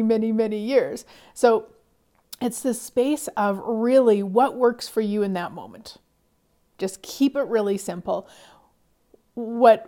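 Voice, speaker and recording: A middle-aged woman coaching listeners about money, soft-spoken, sighing often and dropping to whispers. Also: fairly high pitch. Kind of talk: motivational talk.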